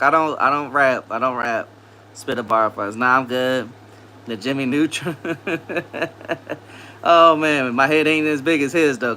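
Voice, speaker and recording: A man's voice: medium pitch, bright, forceful tone, slight background noise. A man from Louisiana with a Southern accent, hosting a casual livestream, reading viewers' comments aloud and greeting them in a laid-back, upbeat way. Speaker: livestream host.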